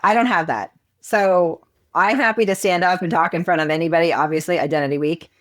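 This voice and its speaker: A woman guest on a podcast, telling stories in a chatty, expressive way with plenty of fillers. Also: on the low side, brisk. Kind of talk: casual interview chat.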